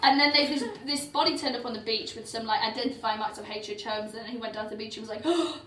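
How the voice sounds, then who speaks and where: A fairly high-voiced woman comedian recounts a grim tale to a live crowd, laughing and swearing as she slips into quick voices for the people in it. She sounds roomy and set back from the mic in a windowless venue, with loud background noise around her. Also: level tone, far from the mic. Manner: laughing often, profane, acts out quotes. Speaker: comedian co-host. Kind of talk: comic storytelling at a live show.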